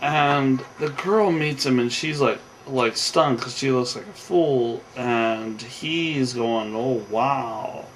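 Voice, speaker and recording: A weary man talks through a show recap in a loose, rambling way, stumbling over fillers and restarting his sentences. His voice sits at an ordinary pitch for a man. A faint hum of room ambience sits behind him. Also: slow, few pauses, poor audio. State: tired. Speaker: show commentator.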